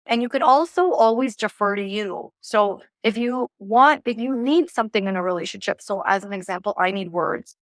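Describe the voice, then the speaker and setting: A woman's voice: mid-range voice, moderate pace, hardly any pauses, dry recording, studio quality. A woman giving relationship advice in a casual interview, playful and lighthearted, acting out what people say. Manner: lively, acts out quoted lines. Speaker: relationship coach guest.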